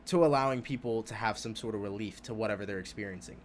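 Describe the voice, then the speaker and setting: A young man hosting a podcast, talking alone in a rambling, profane, animated way about spirituality, laughing often. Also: on the low side, fast talker, few pauses, slight background noise. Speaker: podcast host. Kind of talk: casual spiritual podcast monologue.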